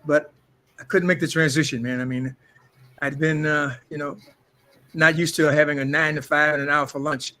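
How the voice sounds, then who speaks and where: A man's voice: fairly high pitch, steady tone, moderate pace, sharp tone. An older man, a former football player and actor, telling boastful stories in an interview and acting out what others said. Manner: boastful, acts out quotes of others. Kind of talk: animated storytelling interview.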